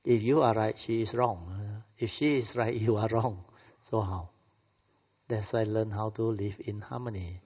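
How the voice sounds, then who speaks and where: A man's voice: fairly low pitch, moderate pace, slightly rough. A man with a Malaysian English accent gives a sermon to an audience. He is playful, laughs often and acts out little quoted dialogues. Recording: echoey hall, dull lo-fi sound.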